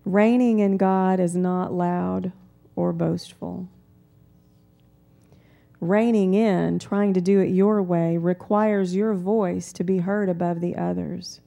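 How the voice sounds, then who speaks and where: A woman preaching a sermon in a calm, conversational way, weaving in personal stories. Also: on the low side, takes it slowly, vocal fry.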